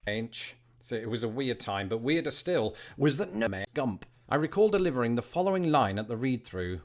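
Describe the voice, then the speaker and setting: Wry British man narrating, lively pitch. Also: normal speed, hardly any pauses. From Britain. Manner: wry, dry, wordy humor. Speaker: video narrator. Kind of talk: scripted comic narration.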